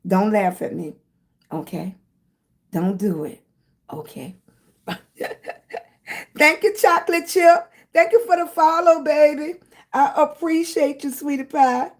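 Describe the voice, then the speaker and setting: A middle-aged woman chats casually on a phone live stream. Her voice sits a little high and she talks slowly. She greets each viewer by name and calls them sweetie and baby. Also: animated. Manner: greets viewers warmly with pet names, chatty and playful. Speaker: livestream host.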